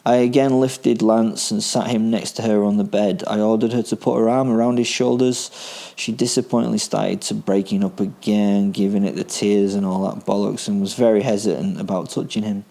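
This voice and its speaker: A man's voice: fairly low pitch, little pitch movement, normal speed, gravelly, mellow. A man narrating a first-person horror story in a dry, darkly comic, matter-of-fact way. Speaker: podcast host and narrator.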